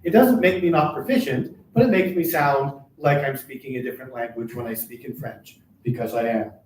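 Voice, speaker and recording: An older man giving a live workshop talk, who talks fast and keeps checking in with "right?". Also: mid-range voice. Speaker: workshop presenter for a workers' advocacy centre. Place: meeting room at a chamber of commerce. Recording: roomy, distant, faint noise.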